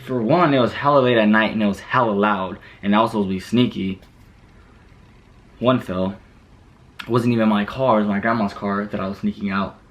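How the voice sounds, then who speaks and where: A young man casually telling a story on his vlog, animated and slangy, swearing freely. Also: on the low side, brisk, muffled recording. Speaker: vlogger.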